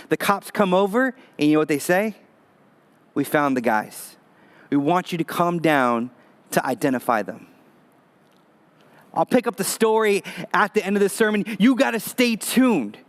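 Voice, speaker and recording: High-voiced pastor telling a lively story. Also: male voice. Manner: storytelling, lively and conversational with humor. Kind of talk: sermon.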